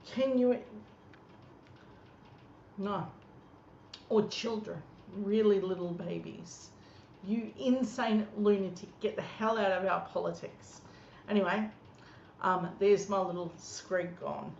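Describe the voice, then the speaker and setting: Woman, 30s, blunt scornful political rant; mid-pitched, recorded in an echoey room. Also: measured pace, gravelly, darkish tone. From Australia. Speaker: political commentator. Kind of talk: ranting political commentary. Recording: echoey room, dull lo-fi sound, faint noise.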